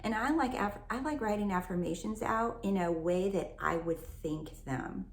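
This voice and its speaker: A self-help coach from California talks casually and emphatically to her viewers in a teaching monologue, swearing freely. Her mid-range voice moves at a moderate pace, recorded in an echoey room with faint ambience.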